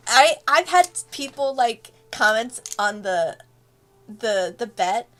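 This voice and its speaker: A woman's voice: fairly high pitch, expressive, slow, fairly bright tone, faint music behind. A woman, a webcomic creator, giving a casual, rambling commentary and laughing often between thoughts. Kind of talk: casual director's commentary stream.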